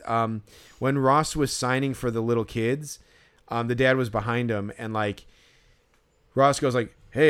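A man's voice: medium pitch, clear, resonant tone. A man co-hosting a podcast, telling a story in a rambling, casual way, swearing often and saying "like" constantly. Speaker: podcast co-host.

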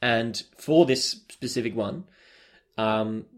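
A man's voice: medium pitch, slow. A young Australian man co-hosting a casual chat podcast, rambling with many ums and restarts. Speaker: podcast co-host.

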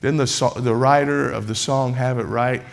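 A man's voice: mid-range voice, fairly even intonation, normal speed, vocal fry. A man preaching a sermon in church, building repeated refrains that rise into emphatic passages. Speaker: pastor.

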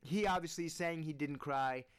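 A man giving earnest, animated opinion commentary on sports, rising in pitch when he presses his point. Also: normal speed, smooth.

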